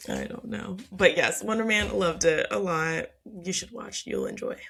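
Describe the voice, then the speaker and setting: A woman's voice: lowish voice, huge pitch swings, normal speed, vocal fry, a bit bright, slight background noise. A woman co-hosting a casual podcast chat, laughing often and talking with plenty of fillers. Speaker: podcast co-host.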